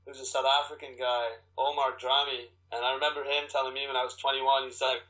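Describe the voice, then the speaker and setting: A man, an actor, telling stories in a casual interview, animated and full of restarts as he acts out his own quotes. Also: medium pitch, fast, rough recording. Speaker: actor guest.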